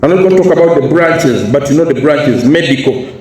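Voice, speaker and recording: A man's voice: fairly high pitch, expressive, a little fast, a little mellow, slight background noise. Emphatic man in an echoey hall. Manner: emphatic, asks the audience questions and repeats key phrases. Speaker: guest speaker; educationalist. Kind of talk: motivational talk to students. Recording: echoey hall, speaker far from mic.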